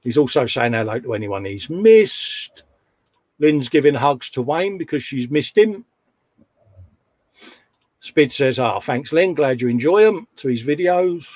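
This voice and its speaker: A man's voice: mid-range voice, expressive, measured pace, a little mellow, no room sound. Man, casual co-host, jokey, laughs often, dry close sound. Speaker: co-host of a live stream. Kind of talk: casual chat, reading out live chat.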